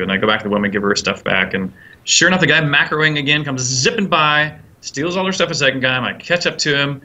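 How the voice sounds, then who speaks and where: Man, game designer, interview, bright ringing tone, rambling with fillers. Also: on the high side, fast talker. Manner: rambling, many fillers and restarts, acts out quotes. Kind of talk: interview answers, storytelling.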